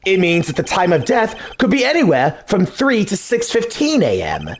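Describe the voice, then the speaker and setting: A man voicing a cool, composed male prosecutor who speaks in a measured, deliberate way in a game dub. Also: sits high, huge pitch swings, slight background noise, full character voice. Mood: calm, analytical.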